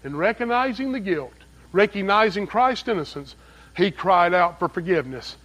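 A man preaching a sermon as pastor, swinging between loud, emphatic peaks and hushed, low asides. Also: expressive, normal speed, poor audio. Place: church sanctuary.

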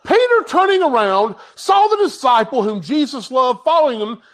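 A man who pastors a church, preaching a sermon with emphatic swings from loud declarations to hushed asides. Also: very high-pitched, very animated, normal speed. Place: church sanctuary.

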